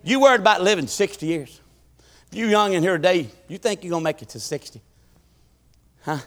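High-voiced preacher in his fifties. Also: animated, a little fast. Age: 50s. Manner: rhythmic preaching, swinging from shouted appeals to low folksy asides. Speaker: pastor. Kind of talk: sermon. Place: church.

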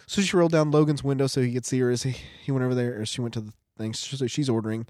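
A man in his thirties, a father of young kids, telling lively stories in casual chat and laughing along. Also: medium pitch, very fast, no room sound, studio quality. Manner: animated, laughing storyteller.

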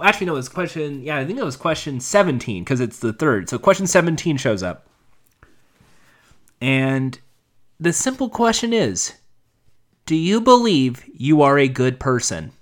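A man's voice: a little high, a bit bright. A man giving a casual, opinionated commentary monologue, thinking aloud with frequent restarts.

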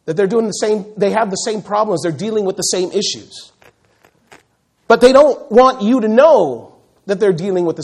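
Husky, animated preaching man. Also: sits high. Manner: animated, acts out quoted voices, repeats words when building a point. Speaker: pastor. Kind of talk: sermon.

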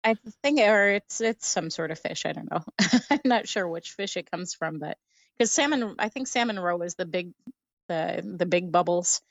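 A woman's voice: on the low side, lively intonation, normal speed, no echo, highs cut off. A woman co-hosting a podcast in casual chat, giggling as she talks. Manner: giggly and chatty. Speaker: podcast co-host.

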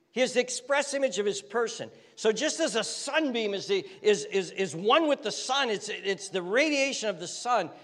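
A male pastor preaching a sermon with passionate repetition, dropping to hushed whispers at times. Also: high-pitched. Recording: long hall reverb.

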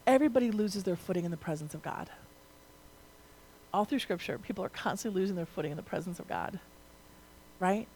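A young woman delivering a sermon in a relaxed, chatty way, full of casual asides and tag questions. Her voice sits at a middle pitch and climbs in force when she drives a point home. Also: brisk, long pauses, a little hiss or hum, low-quality recording. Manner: conversational, rising to emphatic, frequent "like" and "right?". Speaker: preacher.

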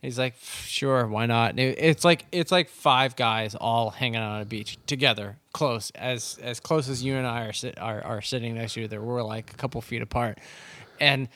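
A man in casual conversation, telling an anecdote in an animated way and acting out the voices of the people in it. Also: medium pitch, normal speed. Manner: animated anecdote teller, acts out voices in stories.

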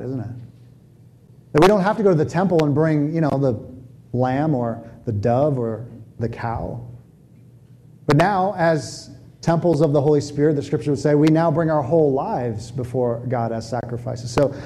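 A man preaching a sermon in a conversational, animated way, often restarting his phrases. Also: a little high, low-quality recording. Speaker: pastor.

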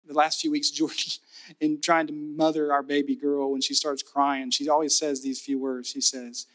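Male pastor preaching a sermon, bright kinda high voice, gets fervent then goes soft. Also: little pitch movement, normal speed. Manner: rising to fervent repeated declarations; drops to soft intimate tone.

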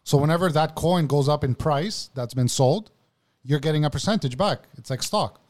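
A man's voice: a little high, moderate pace, a little mellow. A man co-hosting a podcast, chatting casually and explaining things at length, often saying "bro". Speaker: podcast co-host.

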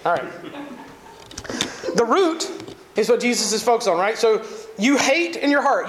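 Animated Southern preacher man, high voice. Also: measured pace, pauses often, echoey room, slight background noise. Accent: Southern American. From Southern United States. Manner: animated, conversational preaching with jokes and asides. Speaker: pastor. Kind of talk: sermon.

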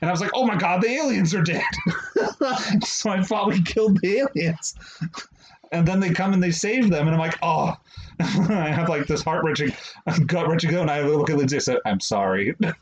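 A man's voice: fairly high pitch, normal speed. A man co-hosting a podcast, telling a story in casual chat and laughing often. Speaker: podcast co-host. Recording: dull lo-fi audio, faint hiss.

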